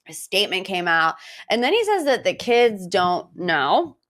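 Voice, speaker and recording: A woman's voice: mid-range voice, very animated, a little slow, a bit bright. A woman hosting a podcast, giving a chatty, gossipy recap full of personal asides. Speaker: podcast host. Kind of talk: casual pop-culture recap.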